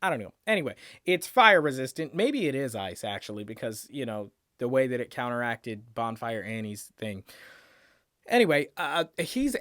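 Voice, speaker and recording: A man's voice: medium pitch, a bit bright, no room sound, studio quality. A man hosting a reaction channel, recapping a TV episode in a casual, rambling way while thinking aloud.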